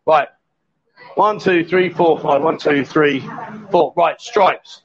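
A man's voice: a little high, takes it slowly, highs cut off. A man hosting a casual live stream from a bar, cheerfully coaching women at a pool table and calling them sweetheart and darling. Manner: cheery, coaxing, says "sweetheart" and "darling" a lot. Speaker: host.

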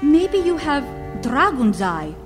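A timid young female dragon, acted by a woman, speaks in halting broken English. The voice is high and lively, with a slow, careful pace. Faint music plays in a roomy space. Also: heavily acted.

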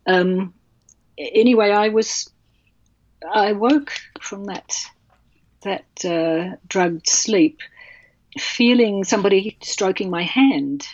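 A woman author telling a personal story in an interview, halting and emotional with many restarts. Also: mid-range voice, darkish tone, dry recording. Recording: dull, dry sound.

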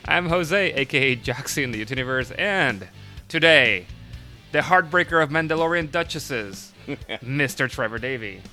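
A man's voice: medium pitch, lively intonation, normal speed, pushed and bright, faint music behind. A man co-hosting a podcast in casual chat, rambling and laughing often. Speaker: podcast co-host.

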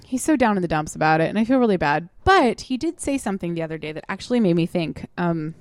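A woman co-hosting a casual chat show, rambling and animated and mimicking other people for laughs. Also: lowish voice, fast talker, dry recording, clean studio sound. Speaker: podcast co-host. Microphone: studio microphone.

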